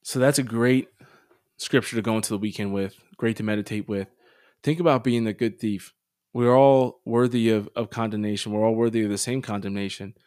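A man's voice: lowish voice, fairly even intonation, a little fast, a little mellow, no room sound, studio quality. A man hosting a casual commentary podcast, blunt and opinionated with some swearing, turning earnest and encouraging. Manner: earnest and exhorting. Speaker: podcast host.

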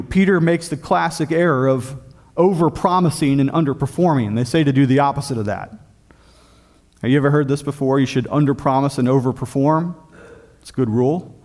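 Emphatic male preacher, slightly high voice. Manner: emphatic preaching, dropping low and soft on key points. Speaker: pastor. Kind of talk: sermon.

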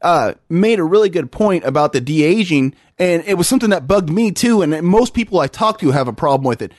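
A man's voice: fairly high pitch, animated, dry recording, studio quality. A man chatting casually as a podcast co-host, enthusiastic and swearing freely. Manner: enthusiastic, profane, drawn-out phrasing. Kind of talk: casual chat.

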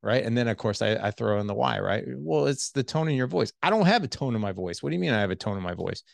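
Speaking in a rapid-fire, creaky, lowish voice, a middle-aged man coaches listeners on relationships during a podcast interview. He explains communication skills animatedly, slipping into impressions of his wife and himself. The recording is dry.

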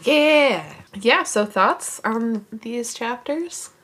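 A woman's voice: fairly high pitch, lively intonation, very slow, a bit bright. A woman co-hosting a podcast in casual chat, laughing often. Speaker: podcast co-host.

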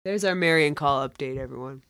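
A woman's voice: low-pitched, fairly quick, smooth, dry recording, clean studio sound. A woman from Massachusetts co-hosting a podcast, wry and joking in casual chat. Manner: wry, joking, trails off softly. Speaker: podcast co-host.

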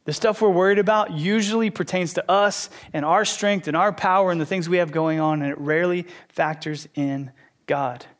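Male preacher, somewhat high voice, conversational and animated while teaching scripture. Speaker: Bible teacher. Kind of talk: sermon.

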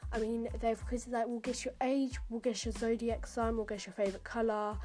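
A teenage girl chats casually as a podcast host. She rambles and fills pauses with little asides. Her voice sits a little high and has a soft, mellow warmth. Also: level tone. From United Kingdom. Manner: chatty and rambling, many fillers and asides. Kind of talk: casual chat while taking an online quiz.

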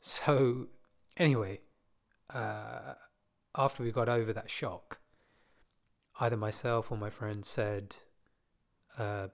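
A man casually telling a personal story from his school days, with relaxed, self-deprecating asides. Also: lowish voice, slow pace, vocal fry.

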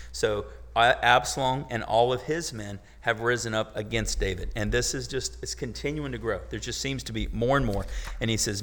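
A man's voice: medium pitch, fairly bright tone. A man preaching a sermon to his congregation, talking in a conversational way with joking asides. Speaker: pastor. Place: church sanctuary. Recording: long hall reverb.

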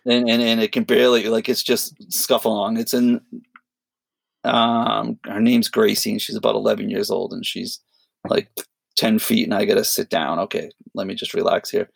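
A man co-hosting a podcast, telling a long story in a rambling, animated way, full of fillers and quoted voices. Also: on the low side, normal speed, creaky, slightly rough, dry recording. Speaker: podcast co-host. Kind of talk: casual storytelling chat.

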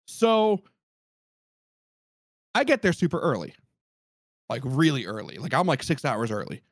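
Man, podcast storyteller, lively swooping voice, slightly high, dry close sound. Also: measured pace, no room sound. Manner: animated, profane, acts out quotes.

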